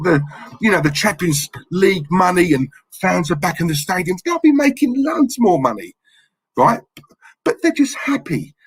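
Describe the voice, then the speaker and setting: A man's voice: sits high, husky, no room sound, rough recording. A man in his thirties, hosting a live fan stream and ranting in frustration, repeating himself and calling out names from the chat.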